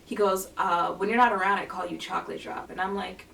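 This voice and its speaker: A young woman telling a storytime vlog, animated and acting out the voices of people in her tale. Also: mid-range voice, fairly quick, gravelly. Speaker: vlogger. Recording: voice a bit distant from the mic.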